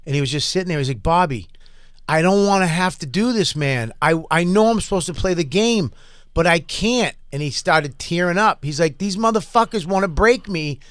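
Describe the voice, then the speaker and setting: A man's voice: a little high, normal speed, smooth, no room sound, studio quality. A man in his forties, a comedian and podcast host, telling stories in casual chat and acting out the lines of people in them. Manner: profane, animated storyteller who acts out quotes.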